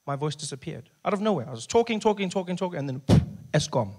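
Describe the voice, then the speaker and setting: Animated South African man doing stand-up. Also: on the high side, fast talker. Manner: animated storytelling, acts out characters, drops into soft voice. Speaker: stand-up comedian. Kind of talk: stand-up comedy set. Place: live comedy venue with audience.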